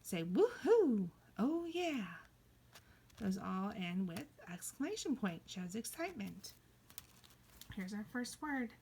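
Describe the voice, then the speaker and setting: A woman teaching a kindergarten reading lesson, playful, slipping into high excited cries and soft whispers. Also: a little slow, vocal fry, a little hiss or hum.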